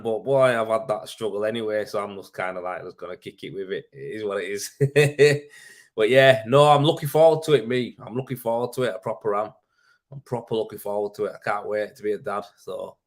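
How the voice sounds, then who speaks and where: A man hosting a casual live stream, chatting loosely and answering viewer comments with lots of fillers. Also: fairly low pitch. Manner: chatty and rambling, full of fillers like mate and man.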